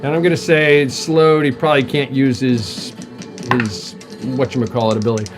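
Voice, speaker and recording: A man serving as game master, narrating combat and voicing sound effects like "boom" and "whoosh". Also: fairly even intonation, normal speed, faint music behind.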